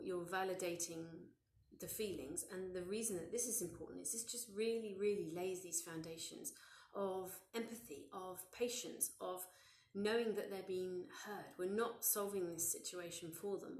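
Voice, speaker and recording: A woman in her thirties giving a live parenting session, gentle and conversational, with many fillers and restarts. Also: lowish voice, echoey room, a little hiss or hum. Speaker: parenting educator.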